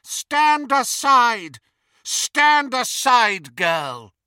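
A reader voicing a cold, menacing male dark wizard who barks slow harsh commands. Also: mid-range voice, big pitch swings, clear, resonant tone, no room sound, studio quality, pitched above the performer's own voice, heavily acted.

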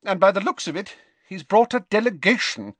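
A stern, brisk elderly headmistress, as a male audiobook narrator puts her on, in a raised, clipped voice. She speaks in a lively, commanding way, and the close, dry recording keeps her crisp. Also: high-pitched, no room sound, pitched above the performer's own voice.

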